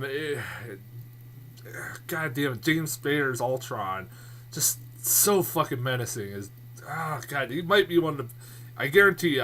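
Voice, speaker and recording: A man casually reviewing movies in a vlog, rambling and excitable, swearing a lot and restarting his sentences often. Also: medium pitch, slight background noise. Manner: many fillers and restarts.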